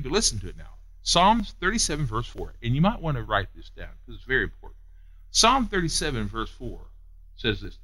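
Male preacher, emphatic and repetitive, animated pitch swings. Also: rough recording. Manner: emphatic, repeats phrases, swings between hushed and raised. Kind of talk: sermon.

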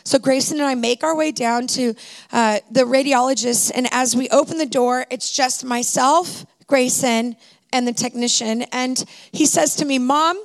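High, gravelly-voiced woman telling a story. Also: fairly even intonation, moderate pace. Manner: heartfelt, dramatic retelling with quoted dialogue. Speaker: speaker telling a personal story to an audience. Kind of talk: emotional personal storytelling on stage. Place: stage before a live audience.

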